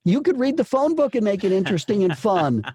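A man's voice: sits high, sing-song, a little fast, dark tone. A man coaching a voice actor through a script, encouraging and repeating himself as he explains. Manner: encouraging, repeats words and restarts. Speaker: voice-over coach. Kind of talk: coaching session.

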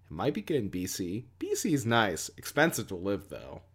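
A man's voice: on the low side, wildly swooping pitch, moderate pace, a bit bright, breathy edge. A man from Canada in casual podcast chat, easygoing and a little hesitant, often laughing. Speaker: podcast co-host.

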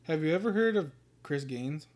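Laid-back joking man, slightly high voice. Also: expressive, normal speed, darkish tone. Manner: profane, laughs often, tells anecdotes. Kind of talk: casual chat.

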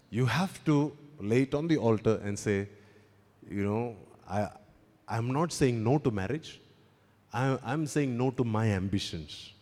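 A male preacher delivers a sermon in a chatty but emphatic manner, doubling up words as he pushes his point and dropping teasing remarks to the crowd. His voice sits at an ordinary middle pitch. Long reverb trails behind each phrase, as in a big hall. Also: a little mellow. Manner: conversational, emphatic, repeats words, teasing asides.

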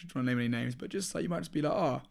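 Man, podcast co-host, rapid talker, gravelly fry, keeps asking questions. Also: medium pitch. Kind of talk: casual chat.

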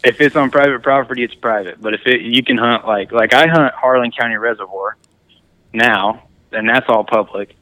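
A man appearing as a guest on a hunting podcast, talking in an easygoing, plain-spoken way with some halting restarts. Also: medium pitch, bright, forceful tone, no room sound, low-quality recording. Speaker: podcast guest, duck hunter. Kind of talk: casual interview chat.

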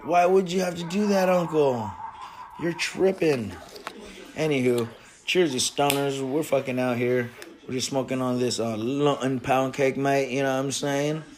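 A man hosting a casual reaction chat from a garage, loud and profane, breaking into shouts and laughter. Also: mid-range voice, moderate pace. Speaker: host of a smoking stream show.

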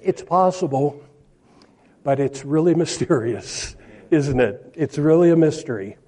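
Slow-speaking preacher, a man with a mellow voice. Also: a little high. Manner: slow, emphatic, reads scripture aloud. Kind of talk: sermon.

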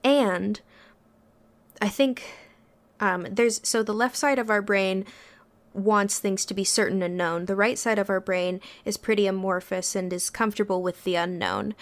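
A woman therapist talking in a relaxed, reflective way on a podcast, searching for her words with frequent pauses. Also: medium pitch. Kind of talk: casual reflective podcast talk.

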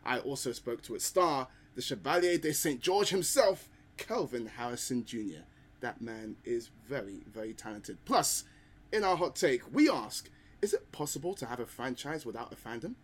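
A male podcast host with a very lively, swooping delivery, reading his introduction with theatrical flair before sliding into teasing, playful chat with the crew. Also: mid-range voice, moderate pace. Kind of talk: scripted show introduction and casual chat.

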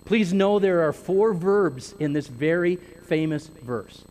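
A man preaching a sermon, deliberate and emphatic, drawing out key words for weight. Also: sits high, expressive, a little mellow. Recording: long reverb with faint noise.

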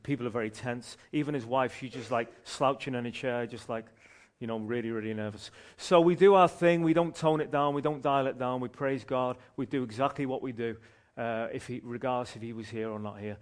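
A man, a street pastor telling a story from the pulpit in an animated way, often restarting his phrases. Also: mid-range voice, a little fast. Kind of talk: sermon testimony storytelling.

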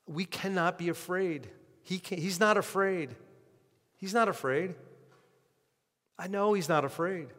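A male pastor preaching an impassioned sermon in a fairly high voice. His delivery surges loud and slow on key phrases, then falls back to a low hush. A long church-hall reverb trails every line. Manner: impassioned preaching with sharp swings in loudness and pace.

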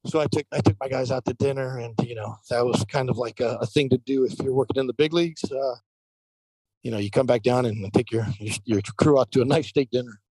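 A man who works as a professional baseball umpire, telling lively stories in a casual interview with many fillers. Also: medium pitch, quick pace, husky, no room sound, poor audio. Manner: animated anecdotal telling, frequent fillers.

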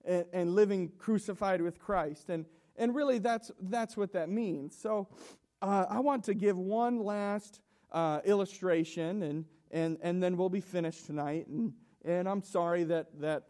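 Young guy preaching in church, high voice but mellow, keeps stumbling and laughing nervously, kinda choked up. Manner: halting, repeats words, laughs nervously. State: emotional, coughing. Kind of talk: emotional sermon.

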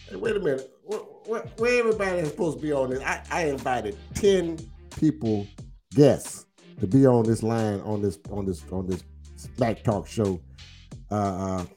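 A man hosting a casual livestream, teasing and drawling as he talks football smack with viewers. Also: medium pitch. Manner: animated, teasing, drawling, repeats himself. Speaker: livestream host.

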